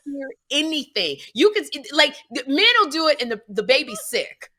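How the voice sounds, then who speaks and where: A middle-aged woman co-hosting a comedy podcast, telling stories and acting out quotes loudly in casual chat. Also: high-pitched, moderate pace. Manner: animated storyteller, acts out quotes loudly. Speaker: podcast co-host.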